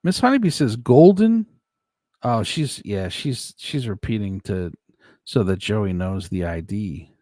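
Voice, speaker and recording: A man's voice: fairly low pitch, animated, measured pace, a little mellow, no echo, studio quality. A man hosting a casual livestream, rambling and joking as he reads viewer comments. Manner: rambling, joking, laughs often. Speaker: livestream host reading chat. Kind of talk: casual chat.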